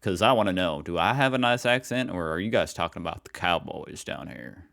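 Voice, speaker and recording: Low-voiced American man hosting a reaction video. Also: animated, brisk, gravelly, a bit bright. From United States. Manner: chatty and amused, laughs easily. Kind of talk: casual chat.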